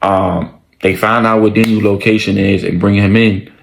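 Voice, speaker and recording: A man narrating a storytime in loose, slangy, profane talk, often repeating his lines for emphasis. His voice sits low with a rough, gravelly texture. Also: fairly even intonation, moderate pace.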